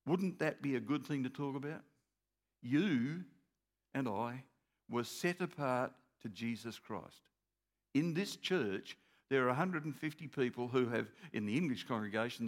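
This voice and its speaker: An older man, preaching a sermon in an earnest, repetitive way that builds in emphasis. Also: mid-range voice. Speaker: pastor.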